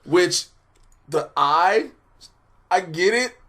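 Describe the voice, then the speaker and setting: A man co-hosting a casual comedy review chat, retelling scenes in an animated, profane way. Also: high voice, very slow, a little hiss or hum. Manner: animated, profane storytelling with acted-out quotes. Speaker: co-host of a TV episode review show.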